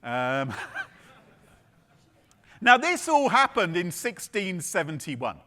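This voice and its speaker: A man delivers a comic keynote, spinning a story with theatrical asides and quick jokes. His voice sits a touch high and bright, swinging widely in pitch. He sounds like he is on a conference stage before a crowd. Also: huge pitch swings. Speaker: keynote speaker.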